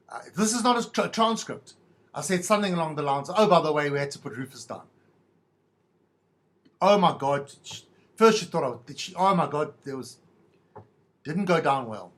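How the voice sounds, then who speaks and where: A man's voice: fairly high pitch, a bit bright. Middle-aged guy podcasting solo, wry and self-mocking, voice jumps up and down a lot. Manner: self-mocking, wry, stop-start storytelling. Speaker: podcast host. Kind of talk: rambling solo monologue.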